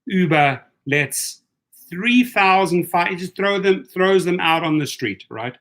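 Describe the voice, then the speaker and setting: A man's voice: high-pitched, lively intonation, measured pace, a bit bright. A man hosting a live stream, reading viewer comments aloud and calling things out in a blunt, indignant way that often repeats itself.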